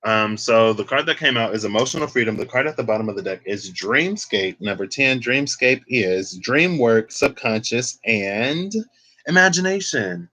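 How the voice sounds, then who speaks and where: Chatty low-voiced man reading tarot cards. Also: animated, moderate pace, hardly any pauses, pushed and bright, low-quality recording. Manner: chatty and loose, with sassy asides. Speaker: tarot card reader. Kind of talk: casual livestreamed card reading.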